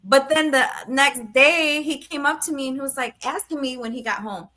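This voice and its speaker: A woman's voice: high voice, moderate pace, bright, forceful tone. A woman in her thirties, co-hosting a podcast, telling a personal story in a casual way, acting out quoted dialogue and laughing now and then. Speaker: podcast co-host.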